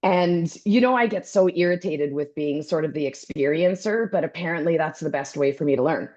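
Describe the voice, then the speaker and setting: A woman co-hosting a podcast, telling a story with energy and acting out the other people's voices, with some throat-clearing. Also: low voice, fairly quick, a little mellow, lo-fi sound. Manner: acts out voices in her anecdotes, keeps clearing her throat. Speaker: podcast co-host. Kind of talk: animated storytelling chat.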